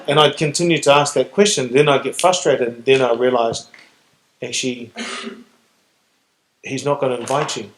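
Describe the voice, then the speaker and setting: A man with a New Zealand accent, telling a personal story to an audience in an earnest, halting way with pauses. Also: mid-range voice, steady tone. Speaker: guest speaker. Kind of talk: reflective public storytelling Q&A. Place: stage in a hall. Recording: roomy hall sound.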